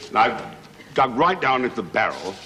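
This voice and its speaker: A man as guest comedian on a TV variety show, telling jokes in a measured, patient way with assured asides. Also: medium pitch, sing-song, pushed and bright, slight background noise. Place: TV studio with live audience. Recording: roomy studio with long reverb.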